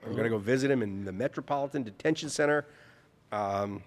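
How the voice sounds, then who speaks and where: A man from New Orleans, an author telling an anecdote in conversation, lively and acting out the people he quotes. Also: medium pitch, fairly quick, in a large hall. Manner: animated, mimics voices in his anecdotes. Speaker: author guest. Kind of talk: conversational storytelling.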